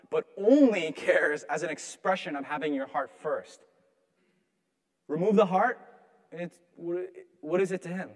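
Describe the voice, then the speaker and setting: Man, thirties, high voice, pastor, casual humorous sermon, lots of "like". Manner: casual, humorous, heavy use of "like". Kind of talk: conversational sermon.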